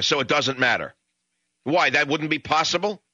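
A man's voice: fairly high pitch, normal speed, bright, forceful tone, dry recording, muffled recording. A man hosting a talk radio show, delivering a combative monologue in bombastic bursts. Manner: bombastic, rising to emphatic peaks.

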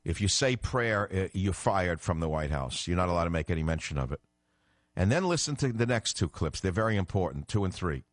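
A middle-aged man hosting a political talk radio show, combative and emphatic, swinging from low muttering to loud outbursts. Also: animated, brisk, no room sound, clean studio sound.

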